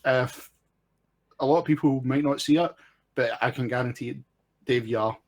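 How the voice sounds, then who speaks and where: A man calling in to a live stream, speaking earnestly and haltingly, repeating himself. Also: mid-range voice, fairly even intonation. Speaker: caller.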